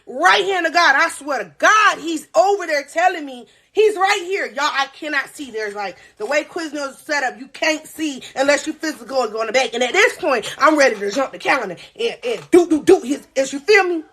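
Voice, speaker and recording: A woman in her twenties telling a storytime on a live vlog, animated and slangy, laughing as she goes. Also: sits high, brisk. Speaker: vlogger.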